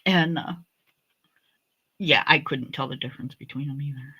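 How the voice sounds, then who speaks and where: Bright-voiced woman chatting casually. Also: very deep voice, moderate pace, husky, highs cut off. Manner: relaxed, chatty, reminiscing. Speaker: livestream host. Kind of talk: casual chat.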